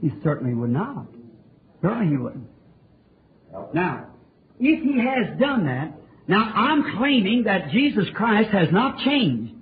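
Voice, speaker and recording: A high-voiced man preaches a revival sermon, his pitch leaping and falling in a lively, sing-song way. He calls out questions to the congregation with fervent conviction. The sound is a tinny, phone-thin old tape recording with a faint hiss behind it. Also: unhurried, long pauses. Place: church tabernacle.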